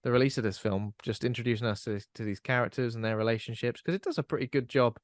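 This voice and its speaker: A man's voice: medium pitch, fast talker, no room sound. A man co-hosting a casual film podcast, chatty and rambling with frequent fillers. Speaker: podcast co-host.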